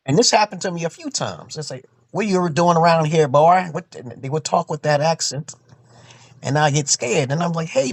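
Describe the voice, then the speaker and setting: Animated New York man telling stories. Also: on the high side. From Brooklyn, New York. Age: 40s. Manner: animated storyteller who laughs through his stories. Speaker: host. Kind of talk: casual chat.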